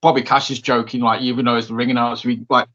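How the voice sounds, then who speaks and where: A man's voice: mid-range voice, flat delivery, fast, fairly bright tone, highs cut off. A male podcast host interviewing a guest in a friendly, enthusiastic way.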